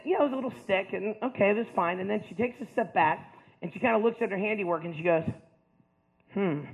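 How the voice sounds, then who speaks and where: Man, very high voice, comic storyteller working a crowd; tinny, phone-like recording. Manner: animated, addresses the crowd with frequent "okay?". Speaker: speaker telling a story to a youth audience.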